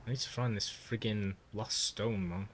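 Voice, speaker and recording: A man's voice: lowish voice, steady tone, moderate pace, noisy background. A man streaming a game, chatting casually and muttering to himself as he plays. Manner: chatty, mutters to himself while playing, drops into accent impressions. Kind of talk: casual gameplay livestream chat.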